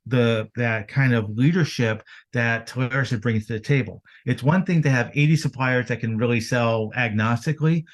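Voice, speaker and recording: A man talking business as a podcast guest, energetic and fond of rhetorical questions. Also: mid-range voice. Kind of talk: casual business chat.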